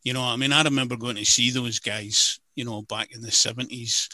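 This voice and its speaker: A man's voice: medium pitch, fairly even intonation, fairly quick, pushed and bright, dry recording. An older man with a Glaswegian accent, a radio presenter chatting and telling anecdotes in an interview. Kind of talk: casual conversation.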